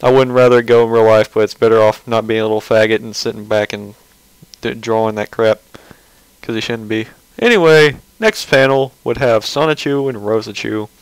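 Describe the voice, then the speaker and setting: Man, casual commentary, mocking, rambling, smooth voice, dry recording. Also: on the low side, steady tone, moderate pace, dry recording, poor audio. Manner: rambling, mocking and sarcastic, with frequent restarts. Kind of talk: casual commentary on a webcomic page.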